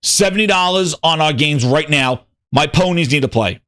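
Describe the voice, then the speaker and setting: A man's voice: fairly high pitch, moderate pace, sharp tone. A man doing a mocking impression of a boastful male tech executive, gushing and bossy in an exaggerated, squealing manner.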